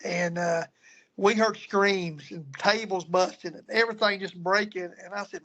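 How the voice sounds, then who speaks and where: Rambling high-voiced man. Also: fairly even intonation, normal speed, pushed and bright. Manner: rambling, repeats words and restarts. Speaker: guest paranormal investigator. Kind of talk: casual storytelling.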